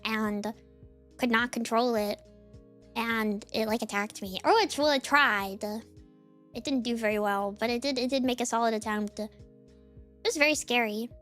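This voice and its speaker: A woman's voice: a little high, moderate pace, pauses often, faint music behind. A young woman streamer chatting casually with her viewers, rambling with lots of filler words. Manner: rambling, many "like" fillers, lively swings. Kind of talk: casual chat with chat readers.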